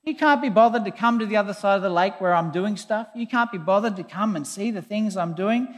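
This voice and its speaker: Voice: medium pitch, brisk, close to an everyday voice. A preacher voicing Jesus as weary, blunt and dismissive in a sermon. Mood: fed up. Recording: long hall reverb.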